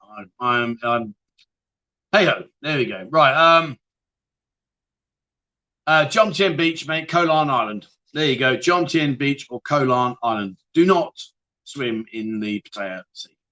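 Bright, jokey man hosting a livestream. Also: medium pitch, expressive, takes it slowly, long pauses, muffled recording. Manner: jokey, laughing, banter with viewers. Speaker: livestream host. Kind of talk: casual livestream chat reading viewer comments.

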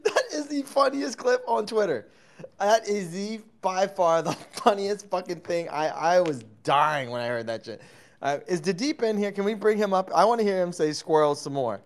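Giggly guy in a voice chat, high voice that jumps around a lot. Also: moderate pace. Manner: laughing, animated, swears. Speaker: panelist on a crypto talk space. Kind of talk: casual chat.

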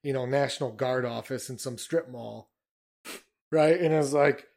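A man's voice: medium pitch, measured pace, creaky, a little mellow. A man rambling through a casual history chat, swearing and filling with "like" and "you know.". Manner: rambling, profane, filler-heavy.

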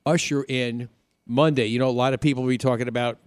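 A man's voice: medium pitch, steady tone, fast talker, no echo. A man with a New York accent hosting a live weekend radio show, upbeat and jokey, chatting loosely with restarts. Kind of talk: casual radio chat.

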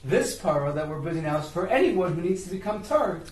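A man's voice: high-pitched, very animated, a little fast, far from the mic, a crowd in the background. A man in a Torah class, arguing his point with the teacher. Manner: argumentative, pressing his point. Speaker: student in the class. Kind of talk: debating in class. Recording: roomy echo.

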